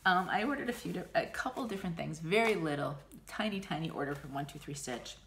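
A middle-aged woman from the United States talks casually in a slightly low voice. She gushes, gets emotional and trails off into restarts as she shows off her craft supplies. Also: animated, quick pace, slight background noise. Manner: chatty, gushing, emotional. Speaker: cross-stitch vlogger. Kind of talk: casual chat.

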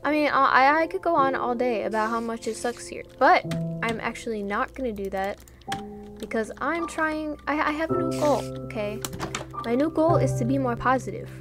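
A woman's voice: high voice, normal speed, over loud music. Chatty young woman narrating her gameplay. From New York. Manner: chatty, jokey, easily startled, lots of fillers and laughs. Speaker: gaming vlogger. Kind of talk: casual gameplay commentary.

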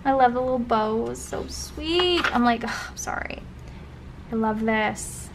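A young woman flipping through her old planner spreads in a casual vlog, often trailing into soft, breathy gushing asides. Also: a little high, normal speed. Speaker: planner vlogger. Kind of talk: casual flip-through commentary. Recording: faint background noise.

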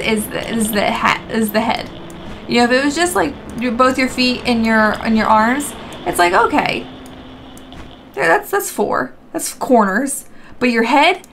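A woman's voice: a little high, creaky, a bit bright. A woman giving let's play commentary, repeating short phrases over and over, swearing and exasperated, in a noisy recording. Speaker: gaming video host.

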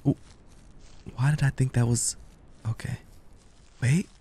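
A young man playing a horror game on stream, joking loudly with his viewers. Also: mid-range voice, steady tone, unhurried, slightly rough. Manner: joking, playful and loud, talking to viewers. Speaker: gaming streamer.

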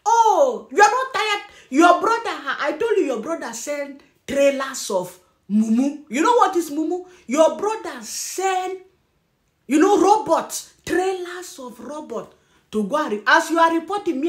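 A woman's voice: sits high, unhurried. A woman with a Nigerian Pidgin-influenced English accent, hosting a taunting, laughing commentary rant. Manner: taunting, laughing, loud and animated. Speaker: channel host. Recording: echoey room.

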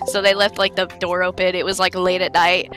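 A woman chatting on a stream, narrating in a deadpan way and telling casual, profanity-laced stories. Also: lowish voice, fairly quick. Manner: casual storytelling, heavy swearing. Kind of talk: casual chat on a game stream. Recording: music playing behind.

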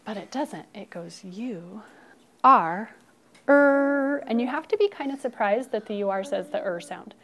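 A woman teacher telling a phonics story to children, expressive and coaxing them to repeat after her. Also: medium pitch, measured pace.

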